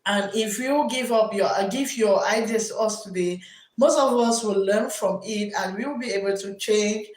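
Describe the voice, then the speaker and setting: A woman teacher hosting a live stream, reading viewer comments aloud in a loud teacher's voice and repeating her phrases. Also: medium pitch, normal speed, roomy sound, low-quality recording.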